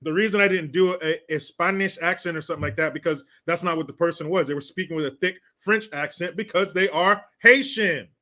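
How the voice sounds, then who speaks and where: A man's voice: a little high, a little fast, few pauses, pushed and bright. Sarcastic, foul-mouthed man ranting. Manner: crude and sarcastic, swears freely. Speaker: livestream host. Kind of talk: ranting political commentary.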